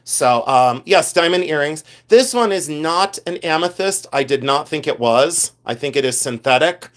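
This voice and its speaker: With a voice on the high side, animated and at normal speed, a middle-aged reseller host runs a live show-and-tell stream. He presents his finds, reads comments from viewers aloud, and jokingly mimics collectors shouting.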